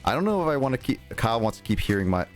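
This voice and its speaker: A man's voice: medium pitch, very animated, very fast, faint music behind. A young man streaming a game, chatting casually with viewers in a rambling way and laughing often. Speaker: gaming livestreamer. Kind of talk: casual livestream chat with viewers.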